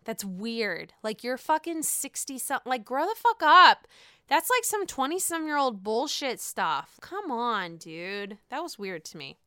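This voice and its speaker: A woman casually recapping a reality show, animated and profane, acting out the people she talks about. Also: a little high, a little slow, smooth, no echo, studio quality. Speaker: recap podcast host.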